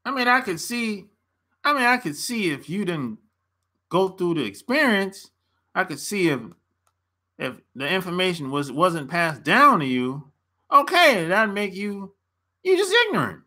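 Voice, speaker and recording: A man's voice: high-pitched, very animated, unhurried, pushed and bright. An American man, a relationship coach, giving a blunt casual opinion rant to camera and laughing often.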